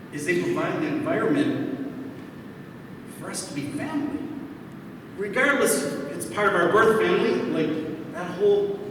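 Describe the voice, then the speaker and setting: A man in his sixties, a priest, telling jokey stories to an audience and acting out the dialogue, recorded from far off in a large hall. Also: high voice. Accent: Milwaukee, Wisconsin. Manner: jokey, animated storyteller who acts out dialogue. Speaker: priest, panel speaker. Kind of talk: storytelling talk to an audience. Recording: echoey hall from far off, noisy.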